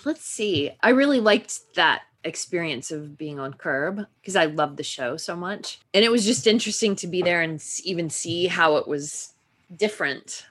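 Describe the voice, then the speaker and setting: Laughing, animated woman with a low voice. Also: normal speed. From Texas. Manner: animated storytelling, laughs often. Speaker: actress and improviser. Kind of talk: casual interview chat.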